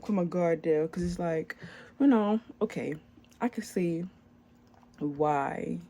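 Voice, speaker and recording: Gravelly-voiced casual vlogger. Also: medium pitch, slow pace, dark tone, slight background noise. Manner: chatty, slangy, retells exchanges with filler and swearing. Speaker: small business owner. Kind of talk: casual vlog storytelling.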